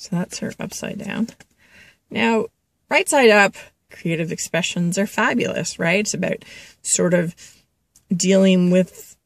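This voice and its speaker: A woman hosting an intuitive reading, speaking slowly in a lower register. She relays a spirit's words to her listeners and calls them children, chatting and laughing between thoughts. The sound is close and dry. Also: vocal fry, dry recording. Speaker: intuitive reader.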